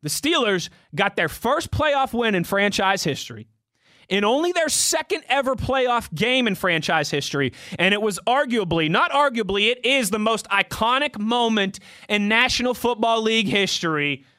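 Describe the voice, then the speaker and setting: High, bright-voiced young man chatting sports. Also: very animated, moderate pace, dry recording, clean studio sound. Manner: off-the-cuff, rambling with restarts. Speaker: podcast host answering fan tweets. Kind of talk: casual sports talk show chat.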